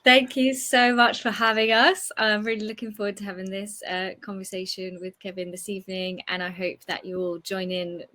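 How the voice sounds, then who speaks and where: A young woman from the United Kingdom, an academic hosting a relaxed interview, chatty and animated with lots of "like". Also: medium pitch, normal speed, hardly any pauses. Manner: chatty, animated, uses "like" a lot.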